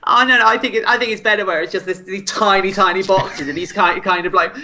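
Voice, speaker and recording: A man's voice: sits high, fairly even intonation, fast, bright, forceful tone. A man co-hosting a casual gaming podcast, telling stories with enthusiasm. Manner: enthusiastic, storytelling. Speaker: podcast co-host. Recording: faint background noise.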